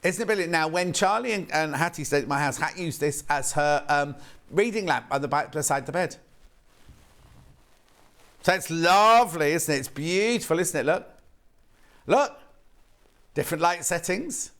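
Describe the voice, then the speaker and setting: A man presenting on a shopping channel, chatting in a rambling, excitable way while demonstrating a product live. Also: a little high, moderate pace. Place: TV studio.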